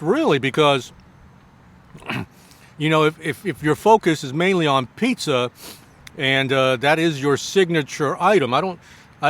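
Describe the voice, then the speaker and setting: Male food vlogger, slightly high-pitched, effusive tasting reactions, halting casual delivery. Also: a bit bright. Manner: effusive, many drawn-out exclamations while tasting; halting restarts between bites. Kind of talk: casual food review to camera.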